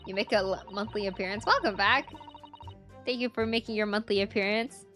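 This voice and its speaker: A woman streaming a game, chatting excitably with her viewers, her voice tired and worn. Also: mid-range voice, brisk, faint music behind. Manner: excitable, chatty with chat, self-mocking. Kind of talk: casual chat while gaming.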